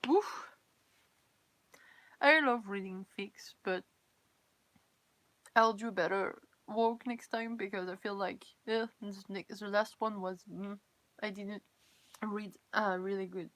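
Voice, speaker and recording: A woman's voice: mid-range voice, steady tone, measured pace, a bit bright, dry recording. Tired french girl on a livestream, giggly, a bit self-deprecating, dry close sound. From France. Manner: chatty, giggly, self-deprecating, reads chat aloud. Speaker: cosplay livestreamer. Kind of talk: casual live stream chat with viewers.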